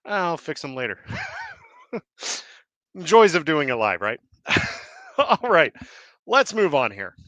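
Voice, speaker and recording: A man hosting a live show in casual chat, rambling and excitable with many fillers and restarts, a little out of breath. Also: on the high side, slow pace, pauses often, no echo. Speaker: host. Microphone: desk mic with cord.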